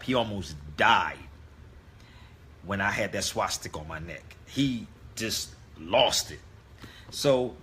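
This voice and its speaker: A man's voice: fairly low pitch, sharp tone, slight background noise. A man telling a story in a casual monologue, emphatic and speaking straight to his listeners. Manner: emphatic, addresses listeners directly. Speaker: online talk host.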